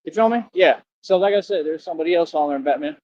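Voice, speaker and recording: A man's voice: a little high, fast talker, no echo. A man ranting on a livestream, boastful and confrontational, full of street slang. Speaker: livestream streamer. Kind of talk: ranting live stream. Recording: dull lo-fi sound.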